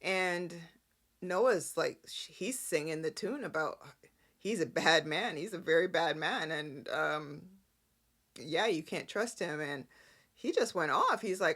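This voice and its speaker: Slow-talking chatty woman podcaster. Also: sits low, lively intonation, a bit bright. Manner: chatty, opinionated, rambling with asides. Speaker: soap opera recap podcast host. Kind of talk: casual recap chat.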